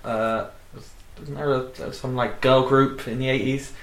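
A man co-hosting a casual music chat in a relaxed, easygoing way. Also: mid-range voice, a little slow, roomy sound. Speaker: podcast co-host. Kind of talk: casual chat about pop charts.

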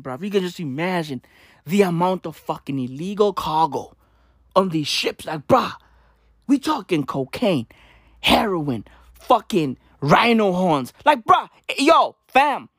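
A brash young woman rants in an emphatic, slang-heavy comedic style and keeps hammering the same lines. Her fairly high voice swoops up and down all the time. The sound is dry and close. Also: a bit bright, no echo. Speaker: comedic ranter. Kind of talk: profane comedic rant to camera.

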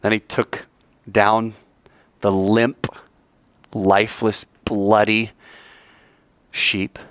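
A man preaching a sermon, telling stories in an animated way and asking his audience questions. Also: lowish voice, very slow.

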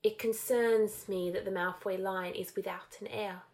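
A woman voicing a menacing male dark lord who gives measured, hissing commands. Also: mid-range voice, fairly even intonation, natural voice. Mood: cold.

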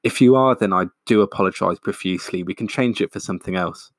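A man's voice: sits low, fast, dry recording, studio quality. A man voicing an eager, overly earnest middle-aged dad who talks in an effusive, apologetic way.

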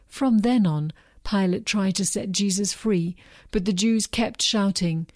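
A woman reading a scripture passage aloud in a plain, even manner. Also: mid-range voice, a little slow, no room sound, studio quality. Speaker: reader.

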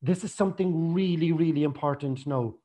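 A man telling a personal story in a chatty, animated way, often acting out what people said. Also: a little high, a little fast. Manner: chatty, animated retelling with acted quotes.

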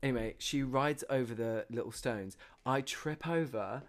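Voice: mid-range voice, normal speed. A podcast co-host, telling a story in a casual, giggly, jokey way and cutting in with quips.

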